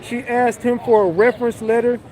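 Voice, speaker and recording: High-voiced man ranting on a street. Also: flat delivery, a little fast, a little mellow. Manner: blunt, profane, mocking retelling. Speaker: commentary vlogger. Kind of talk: casual recap commentary.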